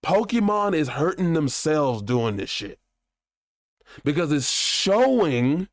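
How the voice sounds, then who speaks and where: A man hosting a show, giving a heated, profane ranting commentary in an animated way. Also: on the high side, slow, no room sound, studio quality. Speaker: show host.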